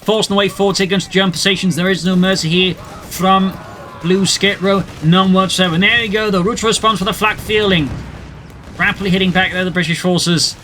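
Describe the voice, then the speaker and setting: A man with a high, bright, sharp-edged voice calls a strategy game match play by play. He keeps up a brisk running narration and drops dry jokes along the way. A faint hiss of noise sits under his voice. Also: fairly even intonation. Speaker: match commentator. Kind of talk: play-by-play video game commentary.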